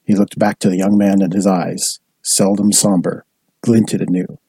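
A man reading a historical novel aloud in steady, measured narration. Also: low voice, slightly rough, no room sound, low-quality recording. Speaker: audiobook reader. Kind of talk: scripted narration.

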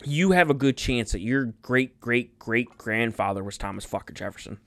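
A young man in the middle of a loose podcast chat. His voice sits at an ordinary pitch, and he rambles freely, swearing a lot and breaking off sentences to restart them. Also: expressive, normal speed, a bit bright. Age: young adult. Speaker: podcast co-host. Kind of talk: casual chat.

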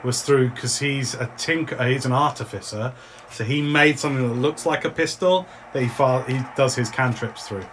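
A man running a tabletop game as game master, narrating in a relaxed, meandering way with frequent restarts. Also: medium pitch, moderate pace, noisy background.

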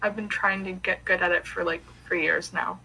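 Bright, husky young woman co-host. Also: on the low side, steady tone, normal speed, low-quality recording. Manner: playful, teasing, enthusiastic. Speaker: podcast co-host. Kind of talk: casual chat. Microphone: remote call.

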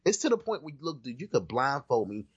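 A man's voice: mid-range voice, sing-song, brisk, breathy edge, no echo, highs cut off. A man co-hosting a podcast in casual chat, talking emphatically and restarting his sentences often. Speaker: podcast co-host.

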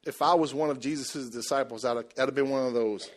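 A man preaching a sermon, telling the story in a lively, joking way and acting out the people in it. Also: medium pitch, quick pace. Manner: animated, jokey storytelling, acts out voices. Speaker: pastor.

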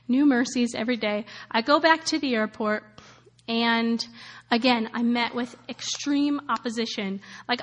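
Sharing her personal testimony, this thirty-something woman speaks brightly and lightly, higher than most women. Her chatty, animated story is full of "um" and "like" and frequent laughter, and she imitates the people she encountered.

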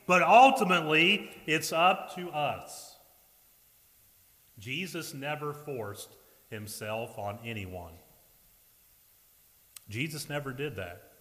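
Pastor guy preaching, kinda high bright voice, goes loud then quiet, church reverb all around. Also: takes it slowly, long pauses. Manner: earnest preaching, swings between loud emphasis and quiet asides. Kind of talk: sermon. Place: church sanctuary.

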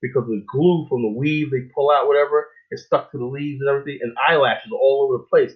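A middle-aged man hosting a show, rambling in a casual monologue with lots of fillers and animated stories. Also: mid-range voice, fast talker. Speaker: show host. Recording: tinny phone-like line.

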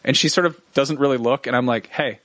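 A young man on a comedy podcast, telling a long story in a quick, profane, animated way and acting out bits of dialogue. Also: mid-range voice, no room sound. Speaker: podcast co-host.

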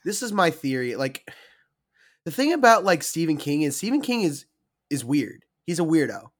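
Podcast co-host: mid-pitched voice, rambling, filler-heavy opinions. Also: big pitch swings, normal speed. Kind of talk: casual podcast chat.

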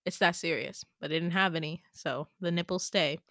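A woman's voice: brisk, no echo. Chatty woman telling a dream, dry sound. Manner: chatty, frequent "like" fillers, swears freely; animated, swings into sudden high exclamations. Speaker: podcast host. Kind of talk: casual storytelling of a dream.

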